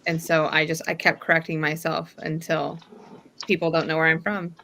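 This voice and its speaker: A woman and mother chatting casually on a podcast, frank and quick to laugh. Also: sits low, flat delivery, a bit bright, slight background noise. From northern US. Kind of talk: casual chat.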